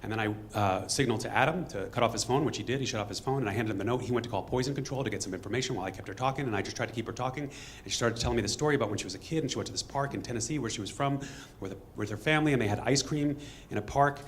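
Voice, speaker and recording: A man telling a true story on stage to a live audience in a fast, conversational way, acting out bits of dialogue. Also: mid-range voice, a little hiss or hum.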